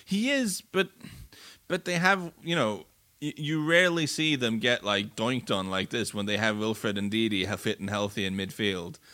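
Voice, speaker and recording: A man talks through football results in a relaxed podcast chat, his voice bright and forceful though pitched a little low. He restarts sentences and repeats words as he thinks aloud. The sound is dry and close. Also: moderate pace, no echo. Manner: fluent but full of restarts and repeated words. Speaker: football pundit. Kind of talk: casual sports podcast analysis.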